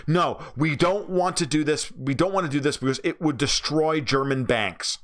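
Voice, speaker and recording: A man's voice: fairly high pitch, normal speed, few pauses, fairly bright tone. A man with a New York accent hosting a livestream, talking bluntly and profanely while reading viewer comments. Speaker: livestream host.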